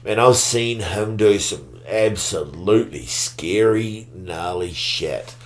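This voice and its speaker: Deep-voiced laid-back New man. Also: slow pace. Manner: laid-back slangy storyteller, bursts of excitement. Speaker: guest. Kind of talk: casual storytelling.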